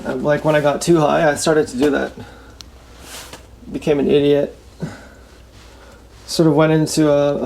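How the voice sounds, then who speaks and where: Slow, gravelly, sighing vlogger. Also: mid-range voice. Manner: unsure, sighing, halting delivery. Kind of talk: casual rambling monologue. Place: home kitchen, washing dishes. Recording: loud kitchen noise from dishes and tap. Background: running tap and clattering dishes.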